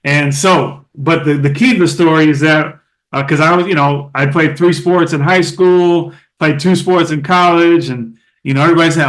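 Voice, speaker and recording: A middle-aged man from Oakland, a former ballplayer, telling stories as a podcast guest in a lively, casual way with many fillers and restarts. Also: a little high, normal speed. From Oakland, California. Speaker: guest, former baseball catcher. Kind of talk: casual storytelling interview.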